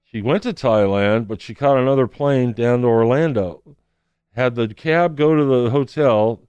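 Smooth-voiced man telling a story. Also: medium pitch, moderate pace, no echo, dull audio. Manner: animated storyteller acting out quotes. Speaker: street counselor. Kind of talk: storytelling testimony.

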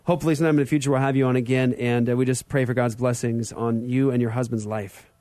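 A man hosting a talk radio show, upbeat and quick, laughing easily between remarks. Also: mid-range voice, little pitch movement, warm tone, no room sound. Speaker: radio show host and pastor.

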